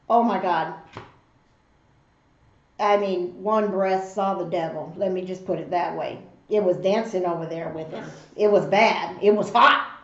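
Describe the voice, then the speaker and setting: Animated woman storyteller, slow and roomy. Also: fairly high pitch. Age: adult mother. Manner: animated storyteller who acts out the voices in her story. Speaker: mukbang host. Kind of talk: storytelling while eating. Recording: roomy, slightly dull home recording.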